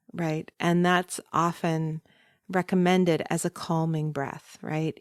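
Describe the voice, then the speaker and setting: Woman voice coach, podcast teaching tone, slow and measured, slightly low, dry close sound. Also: no room sound. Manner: calm, instructive, unhurried.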